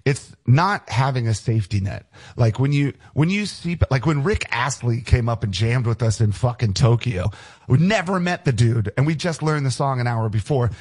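A middle-aged man telling animated, profanity-laced stories in a casual interview. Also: mid-range voice, moderate pace, slightly rough. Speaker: guest musician. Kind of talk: casual storytelling.

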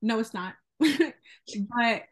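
A young woman from the American South, talking loudly and emphatically in a casual podcast chat. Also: on the high side, expressive, husky. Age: young adult. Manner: fast-talking, loud, emphatic. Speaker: podcast co-host.

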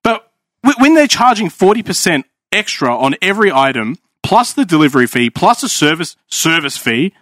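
A man's voice: a little high, very animated, normal speed, fairly bright tone, dry recording, studio quality. A man, telling a rambling story in casual chat. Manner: rambling, laughing, restarts.

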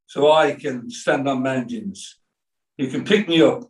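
A man's voice: mid-range voice, a little slow. An older man from England with a Birmingham accent, preaching a sermon as pastor, telling stories with quoted voices and asides. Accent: Birmingham English. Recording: echoey room from far off.

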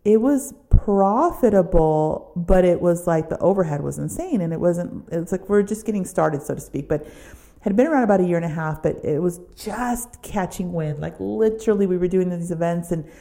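A middle-aged woman from Southern California hosting a podcast, telling a personal story in an animated, chatty way and saying "like" a lot. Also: fairly low pitch, normal speed, vocal fry. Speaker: podcast host.

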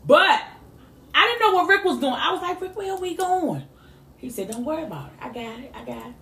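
A woman telling an emotional family story in a lively, animated way, acting out the other people's lines. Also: high voice, a little fast, reverberant. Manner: lively, animated retelling with voiced quotes. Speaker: mother telling her story.

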